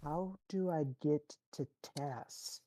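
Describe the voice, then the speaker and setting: A woman's voice: deep voice, takes it slowly, dark tone. A woman playing a tabletop game, casual and blunt, swearing freely. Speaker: player.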